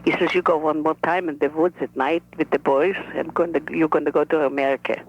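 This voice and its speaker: Woman voices reserved elderly grandmother, halting English, muffled phone line. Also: low-pitched, steady tone, no room sound. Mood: shy, earnest. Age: older. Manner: soft-spoken, measured, slightly broken English. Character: shy, careful elderly Russian-born grandmother. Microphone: telephone. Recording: dull telephone line.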